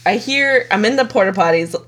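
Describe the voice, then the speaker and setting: A woman's voice: mid-range voice, animated, fairly quick, a bit bright. A young woman co-hosting a podcast, telling a story animatedly in casual chat and swearing a lot. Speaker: podcast co-host.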